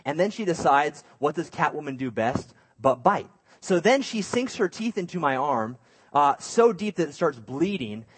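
Husky-voiced man telling a story. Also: on the high side, normal speed. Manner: animated, self-mocking storytelling; drops to a hushed voice for inner thoughts. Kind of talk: personal story in a sermon.

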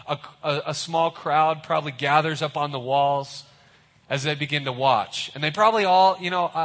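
A man's voice: fairly high pitch, a bit bright. A man preaching a sermon, retelling a story vividly and acting out the voices of onlookers. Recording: long hall reverb.

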